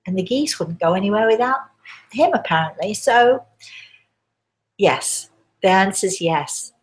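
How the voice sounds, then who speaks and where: A woman's voice: medium pitch, animated, measured pace. A woman hosting a live talk, telling stories and answering viewers' questions in a conversational way, with frequent hesitations and restarts. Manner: hesitant, with many restarts and fillers. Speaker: host and spirit medium.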